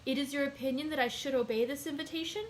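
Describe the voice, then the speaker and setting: A woman's voice: high-pitched, steady tone, quick pace, a little hiss or hum, pitched above the performer's own voice, natural voice. A woman reading as a timid young girl. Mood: uncertain. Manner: hesitant.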